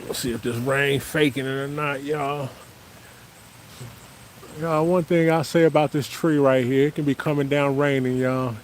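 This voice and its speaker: A man's voice: medium pitch, steady tone, moderate pace, slight background noise, low-quality recording. A man breeding dogs, hosting a casual livestream outdoors under a tree, chatting easily with viewers and calling to his dogs. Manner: easygoing, calls viewers "y'all" and shouts to his dogs. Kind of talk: casual live-stream chat. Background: light rain.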